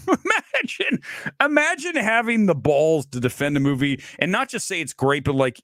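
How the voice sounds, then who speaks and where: A man's voice: sits high, sing-song, measured pace, fairly bright tone, no room sound, studio quality. A man hosting a casual film talk show, ranting bluntly and sarcastically, swearing freely. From Los Angeles area resident. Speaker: host.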